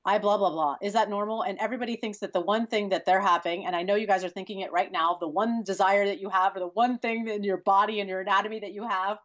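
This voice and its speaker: A woman in her forties answers interview questions in an animated, breathy manner. Her voice sits at a middle pitch, and she laughs easily. The recording sounds a little dull and lo-fi. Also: fast, few pauses. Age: 40s. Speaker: guest sex educator.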